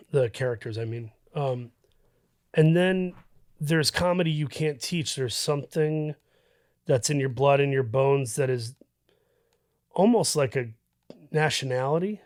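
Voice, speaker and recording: Thoughtful man speaking in halting phrases. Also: mid-range voice, darkish tone, dry recording, clean studio sound. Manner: thoughtful, halting with fillers and restarts. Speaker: podcast guest, actor. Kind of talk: reflective casual conversation.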